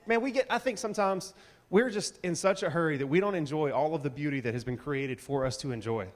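A man preaching a casual, chatty sermon full of slang and animated asides. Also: on the high side, fast talker. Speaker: pastor. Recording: reverberant church hall.

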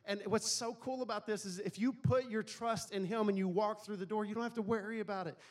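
A man's voice: sits high, fairly even intonation, a little fast. A middle-aged male pastor preaching a sermon in a conversational way, often asking the congregation questions.

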